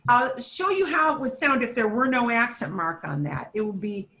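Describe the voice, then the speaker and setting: A woman teaching a beginner Spanish class, slowly sounding out each word for her students to repeat. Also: fairly high pitch, animated, bright, forceful tone. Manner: slow, drawn-out modeling of words for students to repeat. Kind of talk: beginner language lesson.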